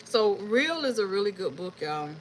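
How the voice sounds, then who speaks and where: A woman's voice: mid-range voice, moderate pace, poor audio. A woman, chatting casually with viewers on her book livestream. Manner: chatty and relaxed, addresses viewers as y'all. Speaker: book vlogger hosting a livestream. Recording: faint background noise.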